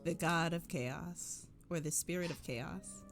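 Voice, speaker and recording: Unhurried woman game master. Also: fairly low pitch, music in the background. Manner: descriptive, unhurried, with fillers. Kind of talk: narrating a tabletop game.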